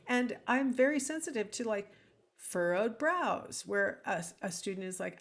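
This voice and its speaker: An animated woman with a mid-range voice, speaking at normal speed, records an informal lecture by herself at home or in an office. She uses lots of ums and listener asides and dramatizes example lines in different intonations.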